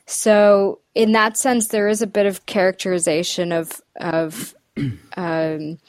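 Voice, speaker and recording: A woman's voice: lowish voice, level tone, slow, a little mellow, dry recording. A woman working as an accent and dialect coach, talking thoughtfully in a casual interview, with many ums and restarts. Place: lives in the UK.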